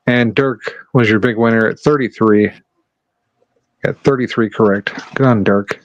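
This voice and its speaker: A man's voice: fairly low pitch, steady tone, moderate pace, dry recording, muffled recording. A man hosting a casual sports podcast, brash and swearing freely as he calls for each panelist's picks. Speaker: podcast host.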